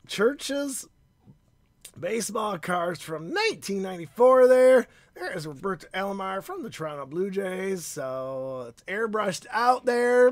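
A man's voice: sits high, no echo, clean studio sound. A man hosting a live card-opening stream, upbeat and chatty as he greets viewers by name, while his voice is phlegmy and starting to go. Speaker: card-breaking stream host.

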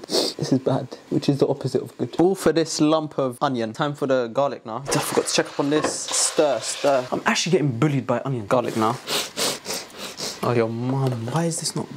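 A young man talks at a rapid clip in a casual cooking vlog, cracking jokes and sounding flustered. His voice sits in an ordinary middle range. A steady noise of the kitchen runs under the recording. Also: medium pitch. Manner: jokey, rambling self-talk, flustered and stressed. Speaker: vlogger cooking for his family. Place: home kitchen.

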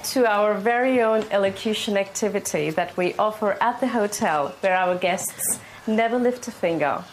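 A woman's voice: medium pitch, normal speed, a little hiss or hum, rough recording. A woman teaching pronunciation in a precise, instructive manner. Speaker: hotel staff teacher. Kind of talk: teaching a lesson.

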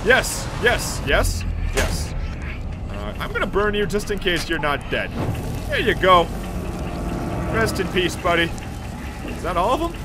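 Male let's player, high voice, very lively swings, game music behind; jumpy, jokey horror commentary. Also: takes it slowly, pauses often, noisy background. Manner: excitable, yelling at enemies, joking. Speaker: gamer playing a horror game. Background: game music and sound effects.

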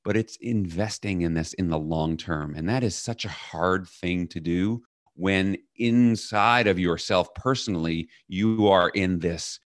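A middle-aged man, a leadership coach, telling a personal story as a podcast guest and loudly acting out the orders he quotes. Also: deep voice, measured pace, no echo, studio quality. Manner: animated, acts out quoted commands loudly.

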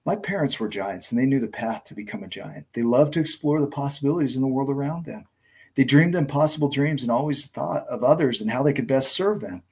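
A man voicing a huge, kind old male giant who speaks slowly and gently. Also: medium pitch, husky. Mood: gentle, wise.

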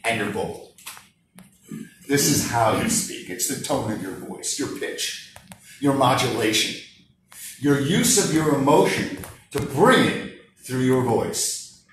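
Animated male speaking coach, roomy. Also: slow, pauses often, slight background noise. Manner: highly animated, swings from soft to shouting. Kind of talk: live workshop presentation. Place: workshop room with an audience. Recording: roomy sound from a distance, faint ambience.

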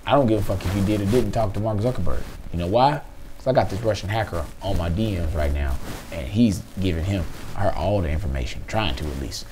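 A man's voice: low-pitched, animated, fairly quick, noisy background. A man hosting a podcast, telling a comic story and acting out both sides of a phone call. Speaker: podcast host. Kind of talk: comedic storytelling.

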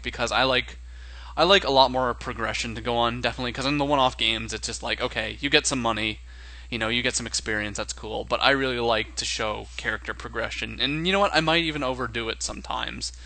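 A man's voice: mid-range voice, a little fast, pushed and bright, rough recording. A man co-hosting a casual podcast about tabletop games, running as game master and thinking aloud in a rambling way.

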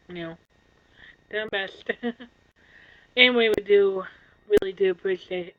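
A tired woman streamer in casual chat, soft-spoken and apologetic, yawning now and then. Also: medium pitch, dull audio.

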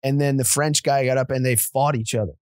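A man of middle pitch co-hosts a podcast, telling loose, rambling stories in a casual way. The close mic gives a dry sound. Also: fairly even intonation, fairly quick, no room sound. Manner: rambling storyteller with frequent laughs and restarts. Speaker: podcast co-host.

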